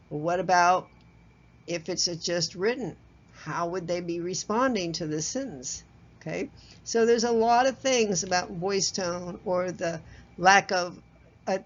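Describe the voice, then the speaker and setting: A woman teaches a workplace communication course in a relaxed, conversational lecture. She poses questions to the listener and chuckles at her own examples. The recording is a little dull and lo-fi. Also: fairly low pitch. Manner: chuckles at herself, loose fillers and restarts. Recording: slightly dull lo-fi audio.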